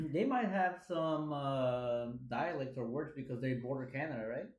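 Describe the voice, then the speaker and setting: A woman co-host chiming in quietly with short remarks during a casual chat. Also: rumbling low, expressive, measured pace. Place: home kitchen. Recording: echoey room, off-mic.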